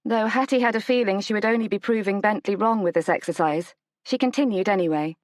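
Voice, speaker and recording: Woman, audiobook narration, measured, gentle, mid pitch, dry close sound. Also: no room sound. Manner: measured, gentle storytelling, lifts pitch for the heroine's lines. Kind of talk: scripted narration of a romance novel.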